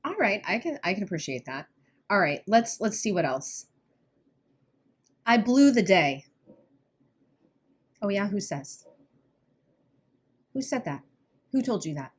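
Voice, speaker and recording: A woman talking on a casual podcast, coaching listeners with earnest energy. Her pitch is mid-range, and she breaks into quick nervous laughs. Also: sing-song, slightly rough. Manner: earnest, laughs when uneasy, quick bursts. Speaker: podcast co-host, weight-loss coach.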